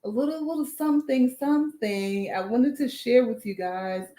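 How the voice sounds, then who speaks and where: A woman's voice: fairly high pitch, moderate pace, dark tone, roomy sound. A woman hosting a casual motivational talk, upbeat and slangy, often checking in with her listeners. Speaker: host.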